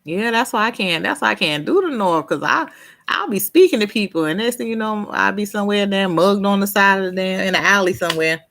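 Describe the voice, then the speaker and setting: A woman's voice: mid-range voice, brisk, fairly bright tone. A woman chatting casually on a live stream, laughing often, reading out and answering viewers' comments by name, and trailing off and restarting her sentences.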